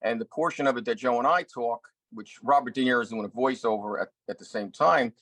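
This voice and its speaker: A man's voice: medium pitch, brisk, a bit bright, no room sound, rough recording. Earnest storytelling man, dry sound. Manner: storytelling, earnest, with many restarts. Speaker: actor and director. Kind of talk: anecdotal interview talk.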